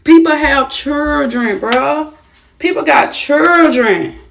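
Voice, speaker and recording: A woman's voice: high voice, animated, slow pace, gravelly, a bit bright. Upset woman venting, profane and repetitive. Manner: agitated, profane, repetitive ranting. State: shaken, upset. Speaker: vlogger. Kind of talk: venting vlog to camera.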